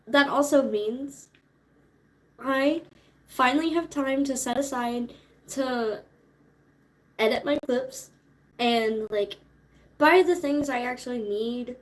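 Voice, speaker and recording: A woman in her twenties chatting casually with viewers, laid-back and slangy, laughing often. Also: fairly high pitch. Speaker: streamer. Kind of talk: casual chat.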